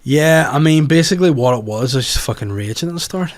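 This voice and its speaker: A man's voice: fairly high pitch, lively intonation, fast talker. A man with a Northern Irish accent hosting a comedy podcast, rambling through jokey rants with swearing. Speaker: podcast host. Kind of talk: casual comedic monologue.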